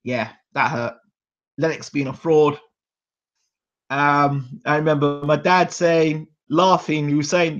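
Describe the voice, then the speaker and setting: Man in his forties, somewhat high voice, casual storytelling monologue, animated, dull lo-fi sound. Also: slow pace. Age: 40s. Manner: animated, acts out his dad's voice in quoted lines. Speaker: boxing channel host.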